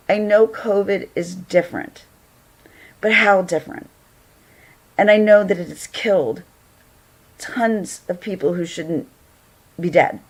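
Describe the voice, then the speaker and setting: A woman hosting a casual livestream chat, greeting viewers and laughing often as she talks. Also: on the low side. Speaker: livestream host.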